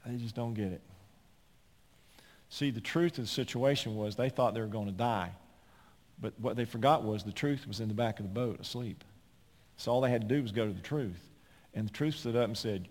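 A man pastor preaching a sermon in an emphatic storytelling manner with quick asides, in a large church sanctuary. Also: mid-range voice. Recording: long hall reverb.

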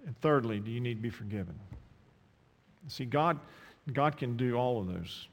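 A man preaching a sermon, emphatic, swinging from loud pointed questions to low, intimate asides. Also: expressive, normal speed, in a large hall.

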